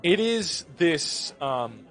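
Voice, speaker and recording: A man's voice: a little high, sing-song, very slow, fairly bright tone, soft background music. A man narrating as game master, describing scenes in a rambling, laughing way with casual swearing.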